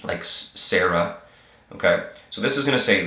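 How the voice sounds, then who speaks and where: A man teaching a Hebrew reading lesson over a screen share, speaking slowly and patiently and repeating each sound for his learners. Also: low voice, expressive, sharp tone. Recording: roomy echo.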